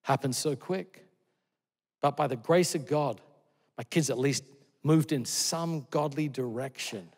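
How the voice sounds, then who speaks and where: A middle-aged man preaches in a large church auditorium, and his voice rings out with a long hall reverb. He sits at an ordinary middle pitch for a man. He tells his stories earnestly, rising to loud exclamations and dropping to soft, tender lines. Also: unhurried, breathy edge. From Australia. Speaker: pastor. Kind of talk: sermon.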